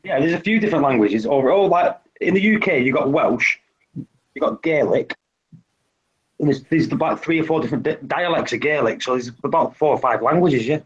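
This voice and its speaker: A man's voice: a little high, animated, lo-fi sound. A man with a Mancunian accent hosting a casual live-stream chat, joking and teasing the others. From Manchester, England. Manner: teasing, jokey, quick to laugh. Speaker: stream host.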